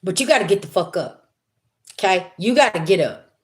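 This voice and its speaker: A woman's voice: medium pitch, lively intonation, a little fast. A woman giving a blunt, profane spiritual reading to her viewers in casual talk. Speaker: spiritual reader.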